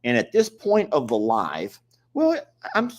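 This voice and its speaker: A talkative man with a drawl, hosting a casual live stream. His voice rises and falls a lot as he rambles on and chuckles between thoughts. His pitch sits in the middle range. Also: huge pitch swings, measured pace. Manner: rambling, chatty, laughs often. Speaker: livestream co-host. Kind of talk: casual chat.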